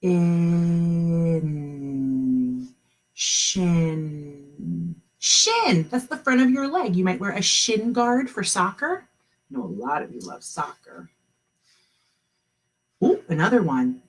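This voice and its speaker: Breathy, animated kindergarten teacher woman. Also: mid-range voice. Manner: encouraging, sounds words out slowly. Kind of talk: online class lesson.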